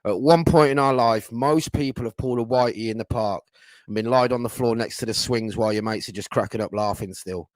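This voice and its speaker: A man's voice: mid-range voice, a little fast, no echo. A middle-aged man, hosting a casual livestream and telling loose stories in a blunt, sweary way. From England. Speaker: livestream host.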